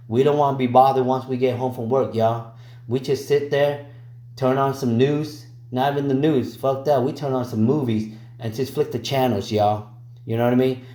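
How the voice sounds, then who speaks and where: A man's voice: medium pitch, mellow, echoey room. A man talking through a nail tutorial in a casual, slangy way, often calling viewers y'all and cracking teasing jokes. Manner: joking, teasing asides. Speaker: nail technician teaching.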